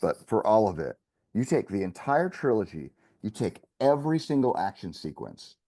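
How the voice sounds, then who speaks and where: A man's voice: fairly low pitch, big pitch swings, moderate pace, warm tone. A man chatting casually as a podcast guest, rambling and correcting himself as he thinks aloud.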